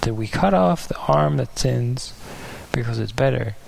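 A man's voice: mid-range voice, lively intonation, measured pace, gravelly, a little mellow, a little hiss or hum, rough recording. A man preaching a sermon in an earnest, searching way, sometimes losing his place and restarting.

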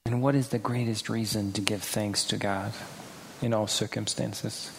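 A man's voice: fairly low pitch, flat delivery, moderate pace, creaky, slight background noise. A man preaching a sermon earnestly, acting out quoted people now and then, in a church hall. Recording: hall reverb with faint ambience.

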